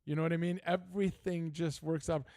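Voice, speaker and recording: A man's voice: a little high, fairly quick, no room sound, clean studio sound. Older man spinning casual stories. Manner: storytelling, animated, laughing asides. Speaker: host. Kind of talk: casual chat.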